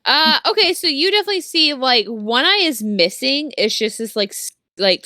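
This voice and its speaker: A woman's voice: mid-range voice, pushed and bright, no echo, studio quality. A woman narrating a tabletop game as game master, rambling with many fillers and corrections.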